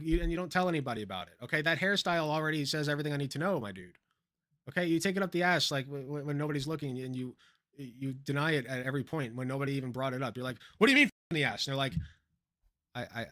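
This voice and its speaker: A man's voice: on the high side, bright, forceful tone, no echo, clean studio sound. A man co-hosting a reaction stream, brash and crude in his mockery. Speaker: stream co-host.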